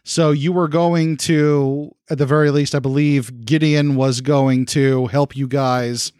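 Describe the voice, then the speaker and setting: A man running a tabletop game as game master, recapping the last session in a laid-back, halting way with many fillers. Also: mid-range voice, flat delivery, a little mellow, clear, resonant tone, no room sound, studio quality.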